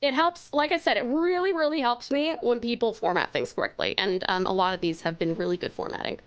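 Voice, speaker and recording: A woman's voice: a little high, a little fast, highs cut off. A woman from Australia chatting with her live-stream chat and reading viewer stories aloud, bubbly and giggly, gasping often.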